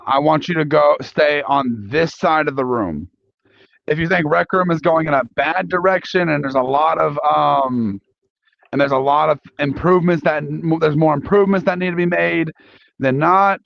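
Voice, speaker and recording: A young man hosting a convention panel, talking casually to the audience in a halting way with many restarts. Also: a little high, gravelly, no room sound. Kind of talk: live panel talk polling an audience. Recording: dull lo-fi recording.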